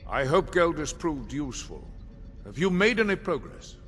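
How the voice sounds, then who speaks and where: A stern, cautious guard captain in a video game. His delivery is firm and measured, his pitch rises and falls a lot, and there is a long reverb and faint ambience around him. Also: sing-song, a bit bright, slight background noise.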